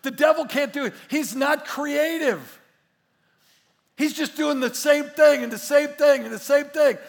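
A man preaching a sermon as pastor, emphatic and repetitive, swinging between hushed asides and loud declarations. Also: very high-pitched, unhurried, creaky, big-room sound.

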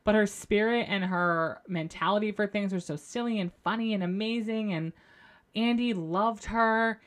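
A young woman hosting a casual solo podcast, recapping reality shows in a gushing, animated way and swearing freely. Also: mid-range voice, normal speed. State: going through postpartum depression. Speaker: podcast host.

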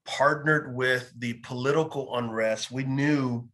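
A man's voice: medium pitch, fairly even intonation, a little slow, a bit bright. A man in his fifties, a pastor and former pro athlete, earnestly telling his faith story in an interview and acting out bits of quoted dialogue. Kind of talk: personal faith testimony in an interview.

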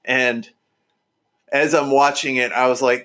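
A man's voice: medium pitch, steady tone, a little slow, fairly bright tone. A man hosting a podcast, chatting casually and enthusiastically with lots of fillers and restarts. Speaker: podcast host.

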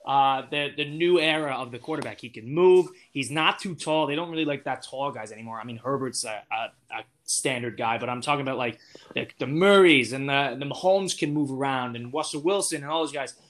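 A man's voice: mid-range voice, fairly quick, a bit bright. An eighteen-year-old man chatting casually as a podcast guest, rambling with lots of fillers and restarts. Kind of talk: casual chat.

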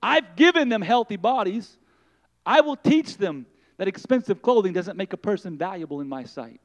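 A man voicing the Lord in a sermon story, speaking softly and tenderly to a weary woman. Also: high-pitched, animated. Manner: soft, tender, slow.

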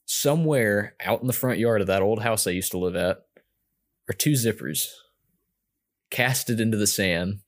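A man's voice: fairly low pitch, normal speed, pauses often. A young man telling a story in casual chat, rambling and self-mocking with lots of fillers and restarts.

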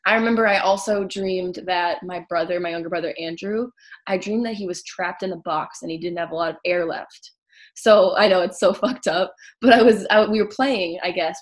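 Young woman chatting, tells stories animated, acts out the scary bits. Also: fairly low pitch. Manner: animated storyteller, acts out her own panicked quotes. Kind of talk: casual chat.

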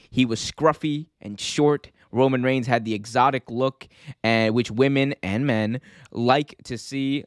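A man's voice: medium pitch, dry recording, studio quality. A man co-hosting a casual wrestling podcast, joking around and reading viewer comments aloud. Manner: jokey, reads chat comments aloud. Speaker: podcast co-host.

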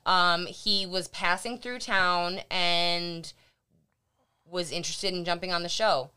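A woman's voice: on the low side, fairly even intonation, takes it slowly, sharp tone, clean tone. A woman co-hosting a podcast in casual chat, adding brief, dry remarks. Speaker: podcast co-host, show organizer.

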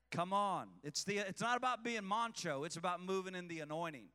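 A man preaching a sermon with passion, swinging between shouting and hushed asides. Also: sits high, animated, normal speed, few pauses, long reverb tail.

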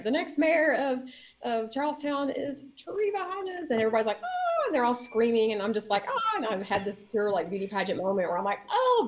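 A woman mayor in an interview, telling a story in a lively way, laughing and acting out what people said. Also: rough recording. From Indiana, US. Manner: lively, laughing, acts out quotes with big pitch jumps. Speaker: mayor, guest.

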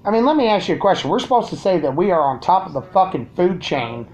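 A man's voice: high-pitched, sing-song, fast, darkish tone, rough recording. A man ranting crudely and sarcastically to his viewers from his home. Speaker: vlogger. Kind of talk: profane ranting monologue.

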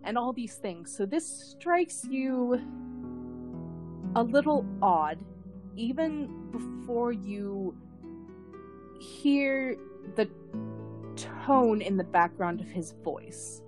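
A woman narrating a tabletop role-playing scene as game master, unhurried, thinking aloud with frequent fillers and repeated words. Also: on the high side, expressive, over music.

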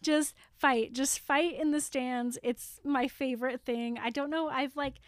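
A woman's voice: high voice, steady tone, a little slow, no echo, studio quality. A woman co-hosting a podcast, chatting casually and gushing about a book, laughing often. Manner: giggly, gushing, playful. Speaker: podcast co-host. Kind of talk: casual book-club chat.

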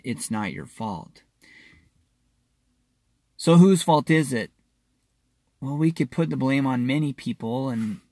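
Male practitioner talking straight to his listeners. Mid-pitched, earnest and reassuring, stumbles and repeats words. Dry, close recording. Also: no room sound. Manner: halting and repetitive, often restarting and doubling words. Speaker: wellness practitioner addressing listeners. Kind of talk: casual spoken monologue to listeners.

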